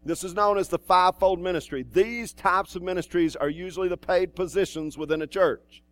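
A man's voice: sits high, fairly quick. A male pastor preaching a sermon in a church, in a conversational way with asides and restarts.

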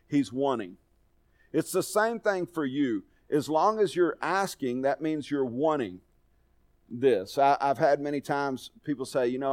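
A man's voice: a little high, a little mellow. A middle-aged man preaching a sermon, telling folksy personal stories in a conversational way. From Texas. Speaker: pastor.

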